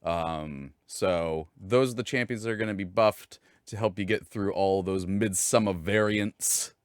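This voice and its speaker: A man's voice: sits low, a little slow, smooth, dry recording, clean studio sound. A man filling in as host of a live stream, chatting casually and rambling through restarts in a self-deprecating way.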